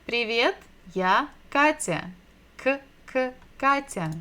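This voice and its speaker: Woman teacher, bright tone, unhurried delivery, patient and repetitive. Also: high-pitched, lively intonation, clear, resonant tone. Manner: patient, repeats sounds slowly for learners; asks the audience questions. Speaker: Russian language teacher. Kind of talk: online language lesson.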